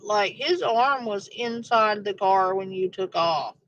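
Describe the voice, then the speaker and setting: A woman's voice: mid-range voice, takes it slowly, few pauses, a bit bright, no echo, poor audio. Blunt, profane woman reacting. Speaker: react commentator. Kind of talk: casual reaction commentary.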